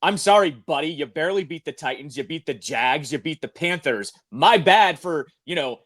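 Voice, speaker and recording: A man's voice: fairly high pitch, lively intonation, normal speed, a bit bright. A man co-hosting a sports podcast, teasing and chatty in casual talk. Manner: teasing, chatty, quotes others. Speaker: podcast co-host.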